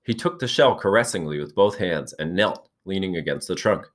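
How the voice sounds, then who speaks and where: Deep-voiced man reading a novel aloud. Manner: steady, measured narration.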